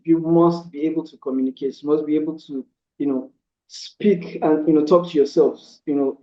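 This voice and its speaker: A man with a slightly high voice talks through relationship advice in an earnest, casual way. He keeps reaching for "you know" and restarting his sentences. The recording sounds roomy and a little dull.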